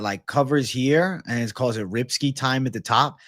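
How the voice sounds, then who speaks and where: Young guy on a livestream chatting with chat, cussing a lot, mid pitch, dry close mic. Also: moderate pace, few pauses, fairly bright tone, no echo. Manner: loose, joking, swears a lot, talks to chat. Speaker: livestream host reading chat. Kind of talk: casual profane livestream chat.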